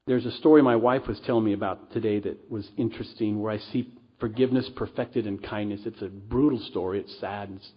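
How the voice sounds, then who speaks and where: A middle-aged male pastor delivering a sermon in a church, with a husky, slightly breathy voice. He preaches earnestly but conversationally, slipping into casual asides. The recording sounds dull and lo-fi. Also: lowish voice, fairly even intonation, fairly quick.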